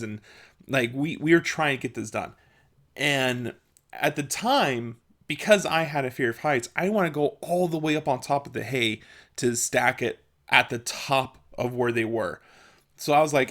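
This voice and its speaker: A young man vlogs a casual personal story in a mid-range, slightly bright voice. He chuckles often as he talks and keeps quickly restarting his sentences.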